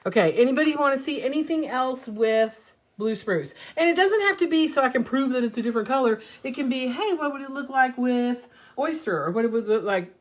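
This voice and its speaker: A middle-aged woman hosting a casual live stream, chatty and upbeat, a little hoarse while getting over an illness. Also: high-pitched, lively intonation, a little fast. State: recovering from covid, slightly hoarse. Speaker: host of a live paint demo.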